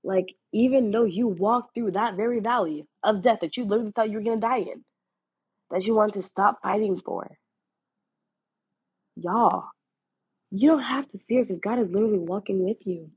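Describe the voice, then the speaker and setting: A woman's voice: medium pitch, normal speed, breathy edge. A woman hosting a podcast, giving an earnest devotional talk in a casual, preachy way full of fillers. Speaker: podcast host. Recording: phone-like, lo-fi audio.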